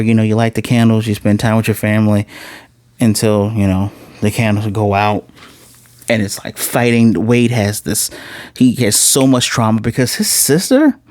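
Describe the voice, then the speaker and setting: A Midwestern man reviews a show in a loose, rambling way, cutting himself off for asides and corrections. His pitch swings a lot and he sounds very expressive. The sound is dry and close. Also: no room sound. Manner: rambling, blunt, with frequent asides and self-corrections. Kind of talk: casual spoken review.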